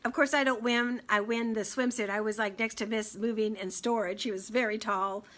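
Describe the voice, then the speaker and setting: A middle-aged woman and radio host telling a personal story in a casual, animated way, acting out the people she quotes and laughing often. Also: on the high side, normal speed.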